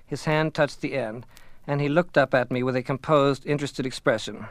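A man reading a novel aloud as a first-person narrator, in a measured, even manner. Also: medium pitch, dry recording, studio quality. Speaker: audiobook narrator.

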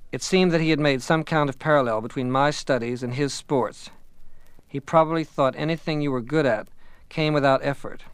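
Man narrating in a smooth, measured voice. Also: mid-range voice, no room sound. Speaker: audiobook narrator. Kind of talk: scripted first-person narration.

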